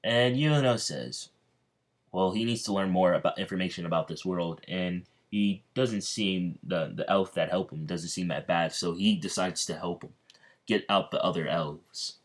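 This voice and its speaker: Rambling deep-voiced male storyteller. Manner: rambling, halting, many fillers and restarts. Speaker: fan storyteller. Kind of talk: casual fan-fiction narration.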